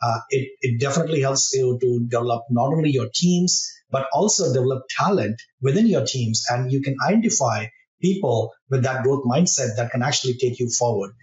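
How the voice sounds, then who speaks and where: A man from India, a banking professional, answering interview questions in a measured, thoughtful way with hesitant fillers. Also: medium pitch, a little mellow. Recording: dull roomy remote audio.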